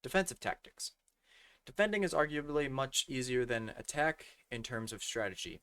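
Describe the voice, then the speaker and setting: Young man, halting tutorial reader, stumbles and self-corrects, dry close recording. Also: medium pitch, lively intonation, fairly bright tone, clear, resonant tone, dry recording. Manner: halting, stumbling over words and correcting himself. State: losing his voice. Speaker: gaming community tutorial presenter. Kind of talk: reading slides aloud with stumbles.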